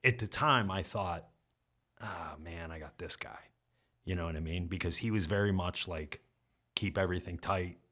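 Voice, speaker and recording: A middle-aged man with a low, deep voice tells stories in a relaxed podcast chat. He talks casually and slips into the voices of the people he is quoting. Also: moderate pace. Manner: animated storyteller acting out quotes. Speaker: podcast guest. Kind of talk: casual storytelling.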